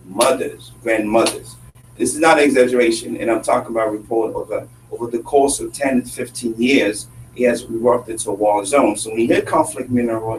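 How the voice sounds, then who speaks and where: A man from Congo with a French accent, speaking as a guest in an interview, passionate and emphatic, often repeating his points. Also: medium pitch. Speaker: guest activist. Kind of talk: earnest conversational interview. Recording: roomy, distant mic, faint hum.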